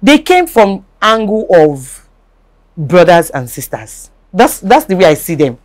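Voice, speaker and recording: A woman hosting a casual chat, agreeable and quick to interject. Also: on the low side, big pitch swings. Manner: agreeable, hums along and chuckles, interjects. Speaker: host.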